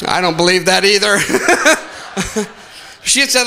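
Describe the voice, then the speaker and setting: A man's voice: sits high, extremely slow, gravelly, long pauses, sharp tone, a little hiss or hum. A man doing stand-up comedy on a theater stage, telling exaggerated stories and making asides to the audience.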